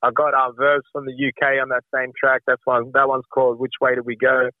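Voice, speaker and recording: A man, a rapper talking casually in an interview, relaxed and full of ums, calling himself mate. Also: mid-range voice, fairly quick, no room sound. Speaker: guest rapper. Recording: tinny phone line, dry.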